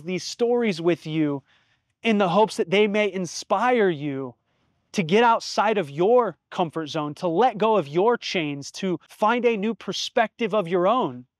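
Earnest high-voiced man telling stories. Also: dry recording, clean studio sound. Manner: earnest, heartfelt storytelling with casual swearing. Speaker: podcast host. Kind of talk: reflective solo podcast monologue.

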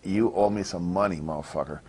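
A man's voice: low voice, a little fast, a little mellow, slightly rough. A man from Canada, a wrestler guest, talking bluntly in a casual interview, swearing constantly and often restarting his sentences. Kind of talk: casual profane interview talk.

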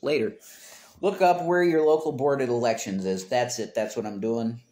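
A man's voice: mid-range voice, fairly even intonation, moderate pace, dark tone. A man hosting a casual home livestream, reading chat comments aloud, rambling and swearing bluntly.

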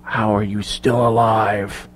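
A man reading the part of a cold, scheming male executive villain in an audiobook, speaking quietly and with control. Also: medium pitch, expressive, a little fast, natural voice. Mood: cold, hushed.

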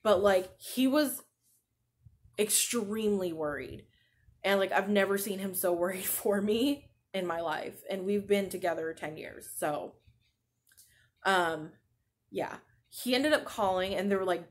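Woman in her thirties, podcast host, casual rambling chat, full of filler words, sleep-deprived, medium pitch. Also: a little slow. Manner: chatty, rambling, peppered with "like". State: sleep-deprived new mother.

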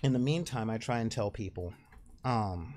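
This Southern California man hosts his own channel, talking casually to the camera and rambling with laughs and restarts. His nasal voice is fairly low, a little mellow, and moves at normal speed.

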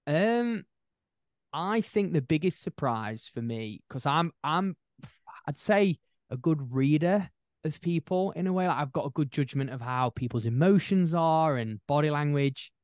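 Brief: young man, podcast guest, animated rambling storyteller, dry close mic. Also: fairly high pitch, unhurried, dry recording. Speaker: podcast guest, new dad. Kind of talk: casual chat.

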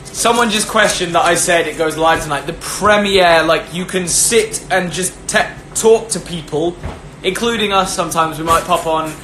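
A man's voice: sits high, normal speed, sharp tone. A young man chatting casually on a phone live stream, giggly and rambling, often restarting his sentences. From Britain. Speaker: host of an Instagram live stream. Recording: echoey room, background noise.

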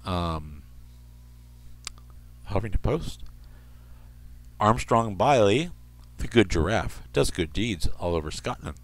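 Speaking in a low-pitched voice, the internet radio host rambles through strange news items and keeps slipping into quiet asides.

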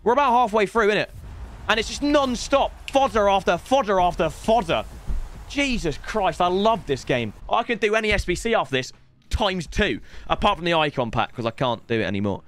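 A young man streaming and commentating live as he opens game packs, excitable and breaking into shouted celebrations. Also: sits high, moderate pace, faint music behind.

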